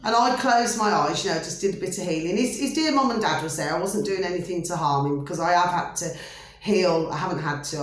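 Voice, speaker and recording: Woman, rambling casual monologue, repeats herself, fairly low voice, echoey room. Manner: chatty, repetitive "I said, I said", frequent "you know". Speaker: storyteller sharing a personal experience.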